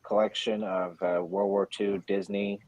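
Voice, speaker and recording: A man's voice: lowish voice, flat delivery, unhurried, a loud crowd, rough recording. A man talking casually on a podcast, hesitant and full of fillers. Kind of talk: casual chat.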